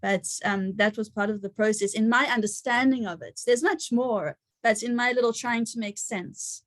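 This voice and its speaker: A woman's voice: on the high side, moderate pace, dry recording. A woman hosting an online gathering, sharing personal stories in a chatty way with frequent laughter and fillers.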